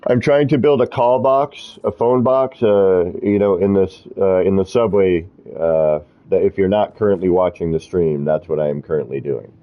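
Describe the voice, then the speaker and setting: A man's voice: sits low, normal speed, hardly any pauses, dull audio. A man streaming a video game, chatting in a rambling way with players who join him in voice chat. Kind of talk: casual live-stream chat while gaming.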